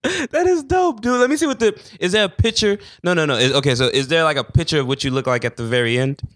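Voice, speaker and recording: A man hosting a podcast in casual chat, laughing often and jumping up in pitch when excited. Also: fast, no echo, clean studio sound. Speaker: podcast host.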